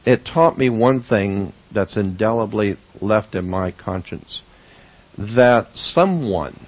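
A man in his fifties telling a story from his own past, earnest and halting, with pauses and restarts. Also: lowish voice, lively intonation, no echo, low-quality recording. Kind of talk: personal storytelling.

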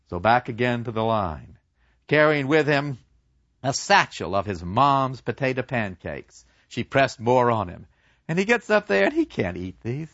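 Brief: an animated man lecturing as a storyteller, expressive pitch, dry muffled sound. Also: a little slow, dry recording. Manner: animated, acts out the people in his story. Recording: dull lo-fi dry recording.

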